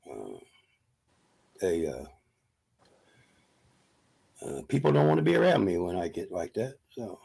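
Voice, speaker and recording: A man on a video call, speaking haltingly with many uh fillers. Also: sits low, huge pitch swings, vocal fry, warm tone, breathy edge. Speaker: open mic participant. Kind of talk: casual chat on a video call.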